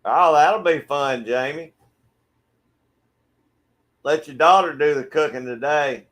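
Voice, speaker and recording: A middle-aged man from Georgia with a Southern accent, hosting a relaxed livestream and greeting viewers by name. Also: fairly high pitch, slow. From Georgia, USA. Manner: friendly, laid-back, greets viewers by name. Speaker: livestream host. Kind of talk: casual chat reading viewer comments. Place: backyard shed.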